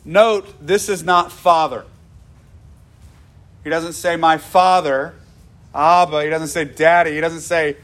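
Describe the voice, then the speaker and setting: Man preaching a conversational sermon. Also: on the high side. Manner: conversational, with asides and self-corrections. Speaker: pastor.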